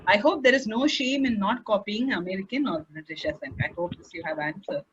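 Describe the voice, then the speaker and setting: A woman's voice: medium pitch, expressive, fairly quick, a bit bright, lo-fi sound, a little hiss or hum. A woman moderating an online session, politely reading audience questions aloud.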